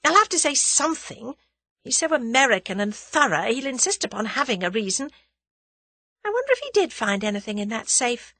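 A woman reading an audiobook, voicing a spirited young woman who exclaims and scolds herself in a high, emotional voice. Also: big pitch swings, brisk, pushed and bright, no room sound, heavily acted. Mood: self-scolding.

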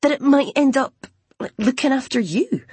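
A woman's voice: high voice, expressive, moderate pace, darkish tone, husky, dry recording, pitched above the performer's own voice, exaggerated voice. A woman voicing Jenny, a blunt, exasperated young best friend, in an audiobook. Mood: exasperated, worried. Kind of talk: audiobook character voice.

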